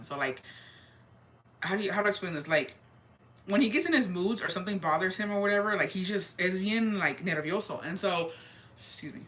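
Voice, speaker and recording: A woman telling a story in a casual storytime chat, animated and quick, swearing freely and slipping into Spanish. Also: medium pitch, slight background noise. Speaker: vlogger.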